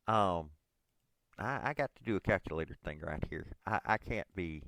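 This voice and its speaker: A man's voice: deep voice, expressive, normal speed, gravelly, fairly bright tone, no room sound. A man in his forties, hosting his own podcast, rambles casually and self-deprecatingly, with lots of hesitant fillers. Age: 40s. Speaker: podcast host.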